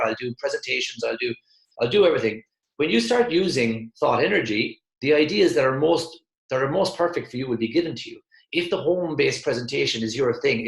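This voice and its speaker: A man gives an emphatic motivational talk to a sales team, hammering his points home through repetition. His voice has a gravelly, fry-tinged edge. The room around him is echoey. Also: mid-range voice. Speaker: motivational speaker.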